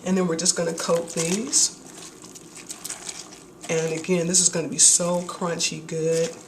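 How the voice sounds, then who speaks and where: A woman's voice: fairly low pitch, level tone, unhurried, noisy background. Enthusiastic woman in an echoey kitchen. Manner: enthusiastic, chatty, grateful. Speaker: cooking video host. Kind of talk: casual cooking demonstration. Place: home kitchen. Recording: echoey kitchen with dish clatter.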